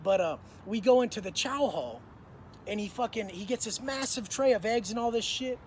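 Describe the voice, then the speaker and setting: A man's voice: sits high, animated, normal speed, slight background noise. A man in his thirties telling prison stories in a blunt, profane, slang-heavy way. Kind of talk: casual storytelling to camera.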